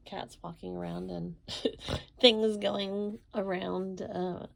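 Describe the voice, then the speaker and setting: A tired woman with a frog in her throat, rambling softly about her painting late at night at home. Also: medium pitch, level tone, gravelly. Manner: soft, slow, rambling late-night talk. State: sleepy and tired. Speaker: painter and parent. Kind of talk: casual painting vlog.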